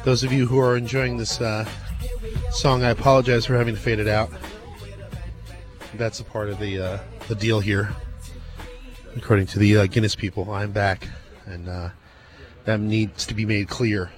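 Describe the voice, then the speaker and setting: A man's voice: lowish voice, level tone, moderate pace, soft background music. Out-of-breath male radio host. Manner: chatty with fillers. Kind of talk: casual radio talk.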